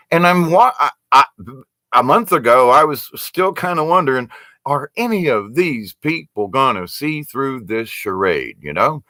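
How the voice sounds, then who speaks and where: Rambling man with a lively, bouncing voice. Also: mid-range voice, no room sound. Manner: rambling, wry, with frequent restarts. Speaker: vlogger. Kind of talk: casual opinion monologue.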